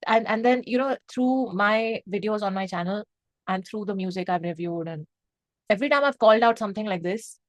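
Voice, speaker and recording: A woman's voice: mid-range voice, a little fast, no echo. A woman from India, reviewing a film to camera in a passionate, emotional, rambling way. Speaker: movie reviewer. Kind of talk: unscripted review chat to camera.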